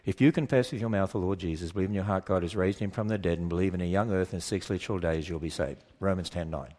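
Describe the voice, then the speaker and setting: A man giving an emphatic talk to a church audience, firing questions at the listeners and acting out quoted voices in quick exchanges. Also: sits low, a little mellow. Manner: acts out quoted voices in quick back-and-forth. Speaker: speaker.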